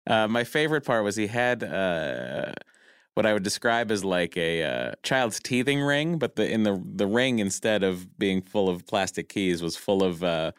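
A man's voice: on the low side, animated, normal speed, clear, resonant tone, dry recording, studio quality. A man guest chatting casually, joking and rambling with lots of fillers. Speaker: podcast guest. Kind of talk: casual chat.

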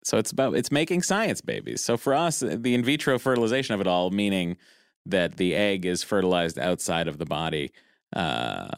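A man's voice: sits low, lively intonation, normal speed, smooth, dry recording, studio quality. A man guest chatting casually, joking and rambling with lots of fillers. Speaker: podcast guest. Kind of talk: casual chat.

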